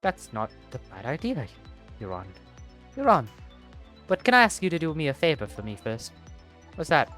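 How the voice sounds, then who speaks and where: Lively streamer voicing a game's dialogue. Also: mid-range voice, a little fast, soft background music. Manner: reads characters' lines, then jokes and swears in between. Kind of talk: playing a game and voicing its dialogue aloud.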